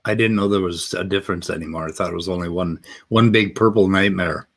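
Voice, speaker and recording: A man's voice: deep voice, steady tone, quick pace. A man hosting a livestream, chatting in a laid-back, plain-spoken way. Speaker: livestream host. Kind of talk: casual chat.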